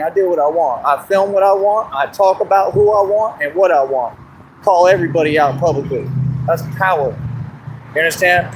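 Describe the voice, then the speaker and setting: A man chatting casually and boastfully on an outdoor livestream, laughing often and going hoarse. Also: on the high side, slight background noise, low-quality recording. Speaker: street performer in costume. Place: outdoors in a park.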